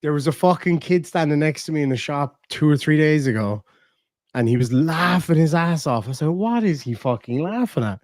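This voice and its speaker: A man hosts a livestream in easy, profane chat, reading out donations and spinning jokey stories. His voice sits a bit high for a man and sounds dry and close to the mic. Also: lively intonation, moderate pace, a little mellow, no room sound. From Ireland. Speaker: livestream host.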